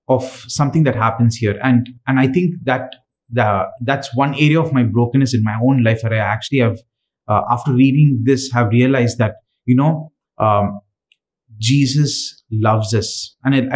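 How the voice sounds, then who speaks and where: A man's voice: medium pitch, a little mellow, poor audio. A man from Dubai preaching a sermon and reading scripture aloud, earnest, with frequent fillers and restarts.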